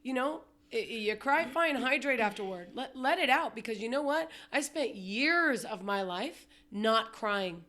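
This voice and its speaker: A woman's voice: a little high, lively intonation, unhurried, few pauses, sharp tone. A woman co-hosting a podcast, offering supportive, reassuring advice to a friend in casual chat. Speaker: podcast co-host.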